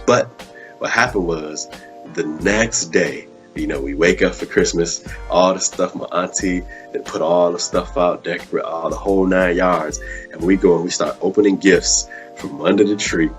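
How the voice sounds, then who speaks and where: Over soft background music, a man with a deep voice hosts a live web show at a moderate pace. He tells a story casually, acting out the quotes and saying "man" in nearly every sentence.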